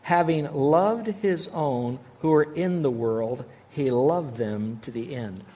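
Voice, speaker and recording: A man's voice: medium pitch, slow pace, dark tone. A middle-aged man pastor giving a radio sermon, earnest and conversational, acting out short quotes.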